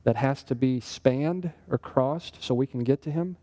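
This is an unhurried man with a warm, mid-pitched voice giving a Bible lesson as an interactive sermon. He talks conversationally and often turns to the group with questions.

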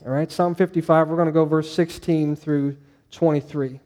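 A man's voice: on the high side, fairly even intonation, moderate pace, a little mellow, in a large hall. A male pastor preaching a sermon in a conversational way, putting questions to his congregation.

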